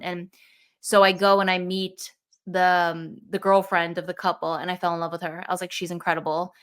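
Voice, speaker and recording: A young woman telling a personal story in casual conversation, animated and acting out the thoughts she quotes. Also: lowish voice, a little fast, smooth. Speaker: podcast guest.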